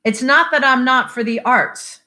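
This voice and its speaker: A woman's voice: high-pitched, a little slow, sharp tone, voice pushed up. A woman reading the lines of a blunt, bitter middle-aged father grieving for his sick son, in her own voice with little change. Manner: blunt, swears, wry about odds.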